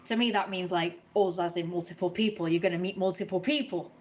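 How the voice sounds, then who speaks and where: A woman's voice: lowish voice, steady tone, quick pace. An English woman from Britain ranting in a casual live stream from home, opinionated and indignant, swearing freely.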